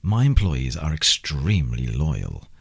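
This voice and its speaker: A man reading an audiobook, voicing a smug, sneering oligarch boss with a thick Slavic accent who speaks slowly and menacingly. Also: rumbling low, big pitch swings, vocal fry, husky, full character voice. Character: sneering middle-aged male oligarch boss.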